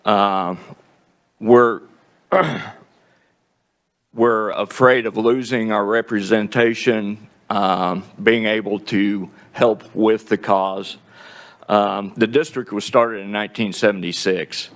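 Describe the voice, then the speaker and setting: Slow, plain-spoken man testifying. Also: on the low side, steady tone, a bit bright. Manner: halting, plain-spoken, clears throat often. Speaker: groundwater district representative testifying.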